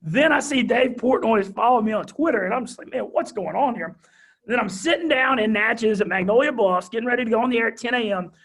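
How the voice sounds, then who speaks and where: Young Southern man, thick drawl, fiery storyteller, high husky voice. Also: quick pace, hardly any pauses. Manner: high-energy, animated, excited. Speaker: guest, radio host. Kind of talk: interview storytelling.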